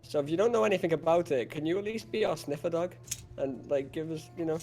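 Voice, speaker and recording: A man with a slightly high voice plays a tabletop game with friends. He talks in a hesitant, chuckling way, stopping often on fillers. Soft music runs under the voice-chat sound. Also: fast. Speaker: player. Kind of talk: casual tabletop game play.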